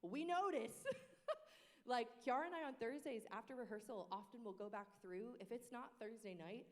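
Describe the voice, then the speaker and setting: A woman who leads a worship team, sharing practice tips on a panel in a lively, expressive way. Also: fairly high pitch, brisk. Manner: lively and expressive, breaking into sung demonstrations. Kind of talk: casual panel discussion. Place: church worship space. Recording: echoey hall reverb.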